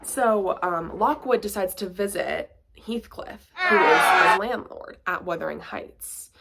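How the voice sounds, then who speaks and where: A woman's voice: mid-range voice, expressive, slow pace, creaky, very noisy. Chatty woman reviewing a book, full of quips. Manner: chatty, lots of "like" and asides; playful, sarcastic quips. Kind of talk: casual vlog book review.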